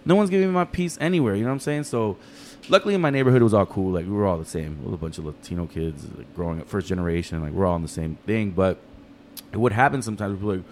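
A man talking casually on a podcast, telling stories in a fast, animated, profane way. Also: lowish voice, slight background noise. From United States.

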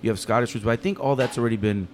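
A man talking casually on a podcast, telling stories in a fast, animated, profane way. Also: medium pitch, a little hiss or hum. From United States.

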